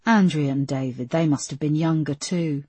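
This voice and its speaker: A woman voicing a calm male police detective who coaxes and presses a suspect. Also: low voice, moderate pace, slightly rough, no echo. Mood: coaxing. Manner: coaxing, pressing.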